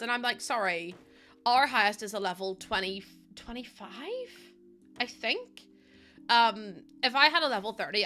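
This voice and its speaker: A woman's voice: fairly high pitch, pushed and bright. A young woman with a Northern Irish accent, chatting casually and self-mockingly while live-streaming, often laughing and reading chat aloud. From Northern Ireland.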